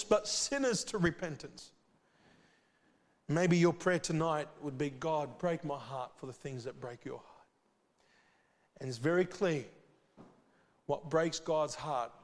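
A man preaching a sermon, earnest and urgent, with sudden loud swells and soft drops. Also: on the high side, in a large hall.

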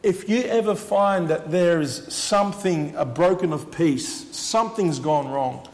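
A man's voice: fairly high pitch, measured pace, long reverb tail. A man preaching a sermon as he shares his testimony, earnest and repeating his words for emphasis.

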